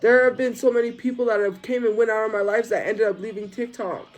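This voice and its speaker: A livestreamer in casual chat, talking in a slow, rambling way, voice still deepened from a recent illness. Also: fairly even intonation, rough recording. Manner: slow, rambling rant that drifts into chat replies. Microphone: streaming setup.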